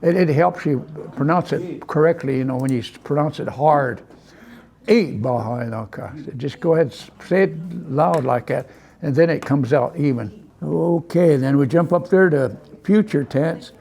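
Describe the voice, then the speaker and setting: A man teaching a language class, relaxed, repeating words slowly for his students. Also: a little high, creaky.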